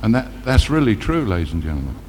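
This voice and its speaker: A man's voice: on the low side, sing-song, fast. A man on stage doing chatty patter and telling a story between songs. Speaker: singer and stage entertainer. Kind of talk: live stage patter with jokes and song snippets. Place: stage in a concert venue. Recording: live hall with long reverb.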